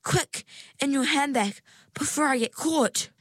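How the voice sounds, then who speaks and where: Woman doing a brisk spiky sea-creature waitress. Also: high-pitched, no room sound, voice pushed up. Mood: whispering. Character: hurried female sea-creature waiter with spikes.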